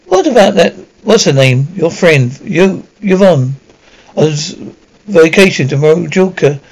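A man's voice: a little high, brisk, creaky, rough recording. A man reading as a snappish stern aunt. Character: stern fussy middle-aged aunt.

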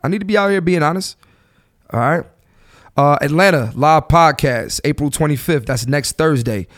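Blunt, profane podcast host man in his thirties. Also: moderate pace. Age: 30s. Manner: animated, voice jumps up high when fired up; blunt, swears freely, slangy street talk. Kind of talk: solo podcast rant, casual and profane.

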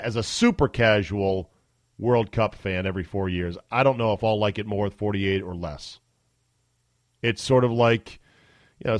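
A man's voice: on the low side, dry recording, clean studio sound. Wry, chatty male podcast host. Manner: chatty, wry, mock-amazed asides. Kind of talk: casual sports and news talk.

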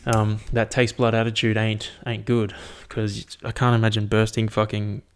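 A man's voice: on the low side, monotone, moderate pace, clear, resonant tone. A young man casually recapping his training, rambling and swearing freely in an upbeat way. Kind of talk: casual chat.

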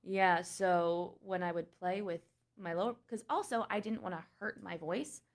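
Young female actor as guest, high pingy voice, easy agreeable casual talk. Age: young adult. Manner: agreeable, quick to agree and laugh. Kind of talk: casual chat.

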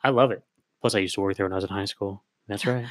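A man's voice: lowish voice, fairly even intonation, fast, no room sound. Playful man, dry close sound. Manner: joking, playful. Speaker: podcast co-host. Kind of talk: casual chat.

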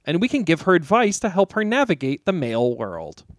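High, lively man hosting improv. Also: a little fast, no room sound, clean studio sound. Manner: upbeat, sets up games and scenes. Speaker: host. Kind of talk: improv comedy podcast hosting.

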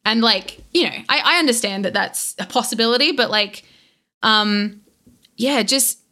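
Bright-voiced young woman chatting animatedly. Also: a little high, normal speed. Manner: rambling, animated retelling with many fillers and restarts. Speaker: podcast guest, content creator. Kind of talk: casual podcast chat.

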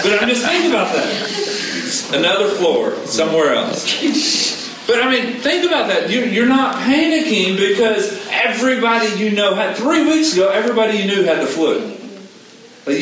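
A man preaching a conversational sermon, asking his listeners questions and repeating his key points in an animated way. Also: high voice. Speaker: pastor. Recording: echoey room, distant mic, background noise.

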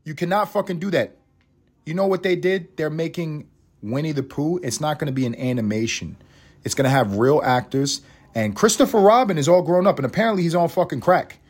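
A man hosting a podcast, ranting comedically in a profane, excitable way and laughing often. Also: on the high side, brisk, slightly rough. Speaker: podcast host. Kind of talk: comedic rant.

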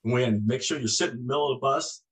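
A man in his sixties, a former Marine guest, telling stories in a lively, conversational way and acting out the voices in his anecdotes. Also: medium pitch, fast talker, rough recording. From United States. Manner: animated storyteller, acts out voices in anecdotes. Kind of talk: conversational storytelling.

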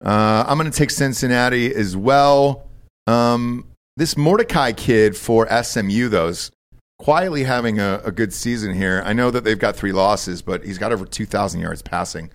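A man's voice: on the low side, moderate pace. A young man hosting a casual sports betting podcast, talking loosely, joking and swearing often. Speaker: podcast host.

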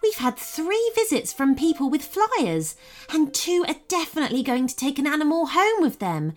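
A woman's voice: sits high, sing-song, moderate pace, pitched above the performer's own voice. A woman voicing a cheerful adult woman who runs an animal shelter, chatty and enthusiastic. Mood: excited.

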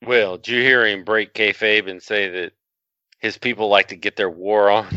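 A man's voice: on the low side, fairly even intonation, unhurried, bright, forceful tone, smooth, no echo, highs cut off. A man co-hosting a podcast, joking, rambling and profane. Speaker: podcast co-host. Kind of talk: casual podcast chat.

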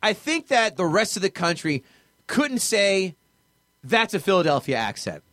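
A man's voice: sits high, big pitch swings, measured pace, fairly bright tone, dry recording. A man co-hosting a podcast in casual chat, blunt and profane. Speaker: podcast co-host.

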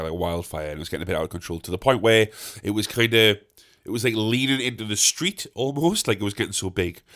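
A man's voice: fairly low pitch, a bit bright. A young man rambling through a comic story, self-mocking and swearing often. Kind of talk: casual comic anecdote.

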